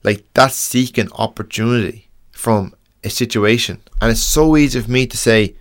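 A young Irish man hosting a podcast, talking earnestly and frankly in a halting way, restarting and swearing as he goes. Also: mid-range voice. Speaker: podcast host. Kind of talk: casual podcast monologue.

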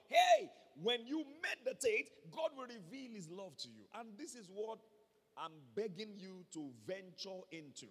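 Husky-voiced Nigerian pastor preaching in a hall. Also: male voice, high-pitched, lively intonation, normal speed. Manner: emphatic, repeats key phrases, calls for amens. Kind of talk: sermon. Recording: long reverb of a large hall.

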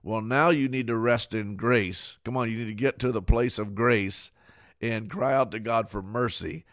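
A man's voice: fairly low pitch, fairly even intonation, moderate pace, fairly bright tone, no room sound, studio quality. A man preaching a fervent sermon to a camera, with many fillers and repeated words. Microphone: camera mic.

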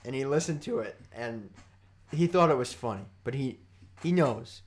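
A man rambles through a story in loose, joking podcast talk. His pitch sits in an ordinary middle range for a man. Faint background noise and a few clicks sit under his voice. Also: moderate pace. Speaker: podcast co-host. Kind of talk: casual chat.

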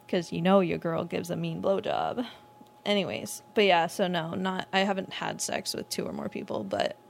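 A woman's voice: fairly low pitch, creaky. A young woman in her twenties hosting a casual solo podcast, rambling and laughing often as she swears freely. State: lightheaded from not eating. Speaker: podcast host.

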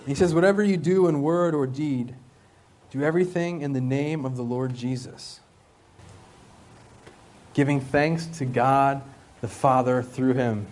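A man's voice: mid-range voice, a little slow, pauses often, a little mellow. A man preaching a sermon to students at a school, conversational, with rhetorical questions and repeated phrases. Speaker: school chapel speaker.

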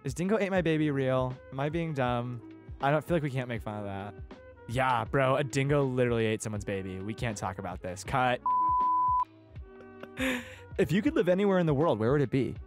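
A young man co-hosting a casual podcast, animated and joking, quick to laugh and swear. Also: mid-range voice, over music. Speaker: podcast co-host.

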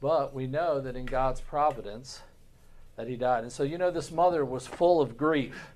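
A pastor teaches a Sunday school class earnestly, frequently repeating words and posing rhetorical questions to the class. His mid-range voice is darkish in tone and moves at a moderate pace.

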